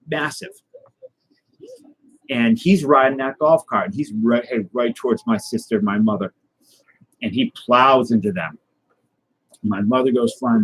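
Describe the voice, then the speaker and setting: A man hosting a casual live stream, rambling through a deadpan tall tale and chatting with viewers. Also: medium pitch, slightly rough, poor audio. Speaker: host.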